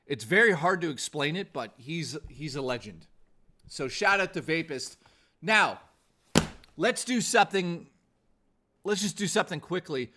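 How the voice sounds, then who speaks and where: Man, live streamer, voice going hoarse, earnest, motivational, swears, close mic. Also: on the high side, lively intonation, measured pace, pauses often, sharp tone. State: losing his voice. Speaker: streamer host. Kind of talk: live stream chat with viewers. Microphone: desk mic.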